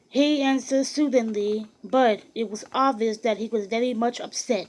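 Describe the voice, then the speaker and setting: A woman narrates a biography in a steady, even storytelling voice. Her pitch sits somewhat high, and she occasionally restarts a phrase. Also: unhurried, few pauses, poor audio. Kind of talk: audiobook reading of a biography.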